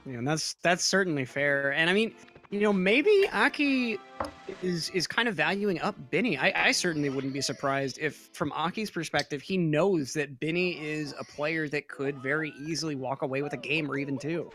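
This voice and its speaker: Guy with a slightly high voice calling a speedrun race, friendly and reactive, soft music in back. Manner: friendly, reacts quickly to plays. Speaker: speedrun commentator. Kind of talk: casual play-by-play commentary.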